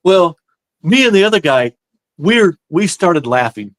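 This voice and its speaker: This show guest's voice sits high and moves a little slowly, with no room sound. He tells a long prank story in a rambling, animated way, returning again and again with "so anyway."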